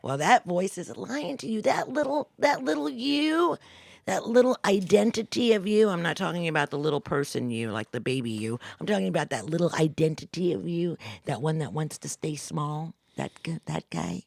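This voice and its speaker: A woman co-hosting a live video call, giving a spontaneous motivational talk, animated and often dropping to a hushed, intense tone. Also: lowish voice, moderate pace, vocal fry, dry recording, studio quality. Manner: animated, acts out inner voices, drops to hushed intensity. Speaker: co-host, spiritual coach.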